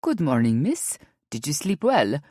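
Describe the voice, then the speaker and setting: Woman voicing a composed Brazilian-accented housekeeper, polite, formal, low voice, dry sound. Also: sing-song, measured pace, warm tone, no room sound, full character voice. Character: tall female housekeeper, calm and reserved.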